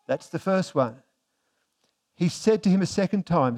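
A man's voice: high voice, expressive. Conversational male preacher. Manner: conversational, reads scripture slowly and softly. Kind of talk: sermon.

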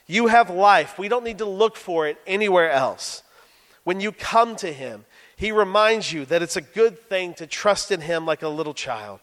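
Man preaching, high voice, long reverb. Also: animated, moderate pace, fairly bright tone. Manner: storytelling, self-deprecating humor. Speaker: pastor. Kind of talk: sermon. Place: church sanctuary.

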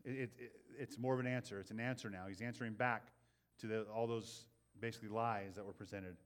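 A man preaching a sermon in an earnest way. He often checks in with the listeners with a quick "right?" and repeats words as he builds his points. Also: lowish voice, steady tone. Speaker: pastor.

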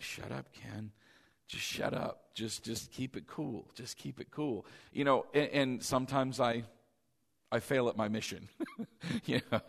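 A middle-aged man preaching a sermon as pastor in a church. He talks in an animated way, climbing to loud emphasis and then dropping low and confiding.

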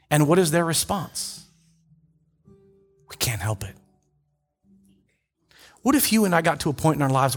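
Middle-aged guy pastor, high voice, preaching and acting out the bible stories. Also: husky. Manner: storytelling with acted-out voices for biblical figures. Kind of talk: sermon.

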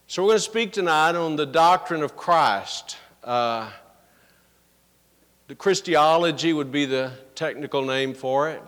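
Male pastor, emphatic sermon delivery, slightly raised pitch, hall reverb. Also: animated, fairly bright tone. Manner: earnest, emphatic preaching with slow scripture reading. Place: church sanctuary. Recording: long reverb of a large hall.

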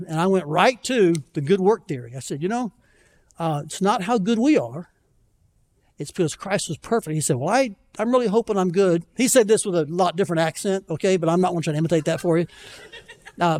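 A man preaching a conversational sermon as pastor, telling stories with self-deprecating humor and slowing down to plead earnestly. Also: high voice, darkish tone. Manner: conversational storytelling, self-deprecating, pleading slowly at key points. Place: church.

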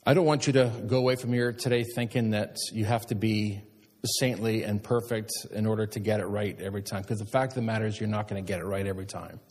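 A middle-aged man, a pastor preaching a sermon and telling stories with animated emphasis. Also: on the low side, fast talker. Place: church sanctuary. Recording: long church hall reverb.

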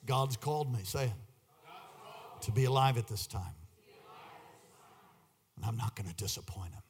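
A man preaching a charismatic sermon in church, moving from quiet storytelling to shouted call-and-response with the congregation. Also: medium pitch, normal speed.

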